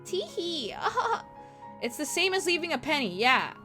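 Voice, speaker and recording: A young woman streamer telling stories in casual chat, animated and profane, acting out the people she quotes. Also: sits high, slow, music in the background.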